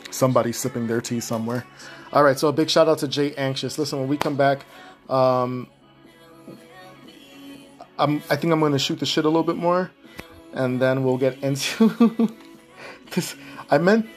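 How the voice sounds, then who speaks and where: A young man hosting his own podcast, chatting casually, rambling off script, swearing and laughing often. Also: mid-range voice. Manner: laughs a lot, rambling and profane. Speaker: podcast host. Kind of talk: casual solo podcast chat.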